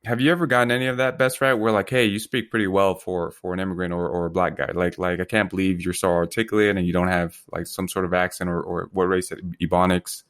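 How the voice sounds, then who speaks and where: Deep-voiced man asking questions. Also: flat delivery, fast, few pauses, fairly bright tone, dry recording, clean studio sound. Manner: asks long rambling questions. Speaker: podcast host. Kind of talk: casual interview questions.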